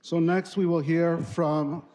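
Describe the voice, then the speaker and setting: A man's voice: on the high side, steady tone, slow, mellow, low-quality recording. A man chairing a public hearing, speaking in a firm, formal way. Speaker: hearing moderator.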